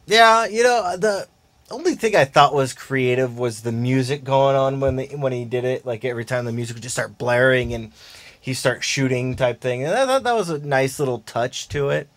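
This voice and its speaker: A man's voice: mid-range voice, normal speed, a bit bright, no room sound. A man co-hosting a podcast, casually recounting movie scenes in easygoing chat. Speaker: podcast co-host.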